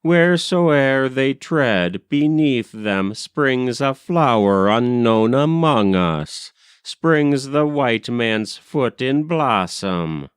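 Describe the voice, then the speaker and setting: A man voicing a grave, wise male chief describing a vision, solemn and measured. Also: mid-range voice, expressive, clear, resonant tone, no room sound, clean studio sound.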